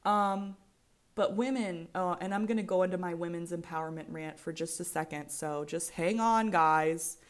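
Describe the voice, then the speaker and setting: A woman's voice: fairly low pitch, normal speed, few pauses. A woman in her twenties with an American accent, hosting a solo podcast in a candid, rambling way, swearing freely and often restarting her sentences. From United States. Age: 20s. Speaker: podcast host.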